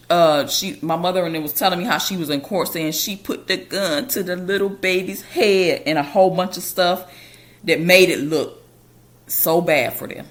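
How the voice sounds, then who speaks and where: A woman's voice: lowish voice, a bit bright. A woman hosting a podcast, telling a personal story in a casual, conversational way. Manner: casual and conversational, with loose colloquial grammar.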